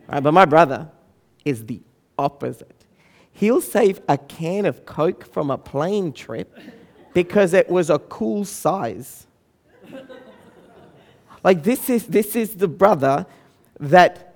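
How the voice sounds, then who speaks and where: High-voiced animated man. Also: takes it slowly, pauses often. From Australia. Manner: animated, acts out the voices of people in his story. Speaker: speaker. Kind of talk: humorous storytelling talk.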